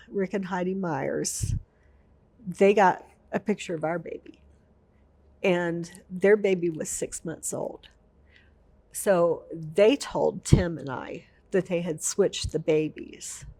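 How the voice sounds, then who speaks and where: A woman's voice: fairly low pitch, a little mellow, slightly rough. A woman veteran telling an emotional personal story in an interview, vividly and with repetition. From United States.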